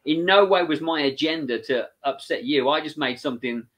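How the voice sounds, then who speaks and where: An English man recounts a long behind-the-scenes story as an interview guest, his voice sitting a little high for a man. He is lively and chatty, and he slips into the voices of the people he quotes. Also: brisk. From England. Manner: animated, acts out other people's lines. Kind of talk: casual anecdotal storytelling.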